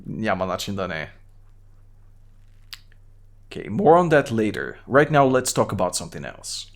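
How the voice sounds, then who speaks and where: A man with a Bulgarian accent streaming a game, reading its text aloud and adding quick, half-joking asides. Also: on the low side, sing-song. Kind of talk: live gameplay commentary, reading game text.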